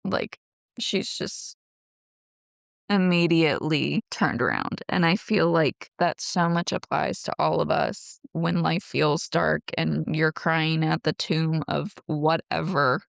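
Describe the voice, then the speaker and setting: A woman co-hosting a faith podcast, speaking in a gentle, reflective way. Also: deep voice, slow pace, creaky, dry recording, clean studio sound. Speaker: podcast co-host. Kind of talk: casual faith chat.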